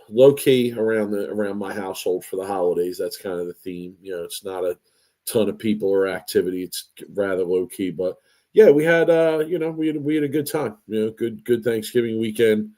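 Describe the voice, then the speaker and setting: A man's voice: fairly low pitch, warm tone. A man co-hosting a bowling podcast in casual chat, with boastful, playful trash talk. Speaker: podcast co-host.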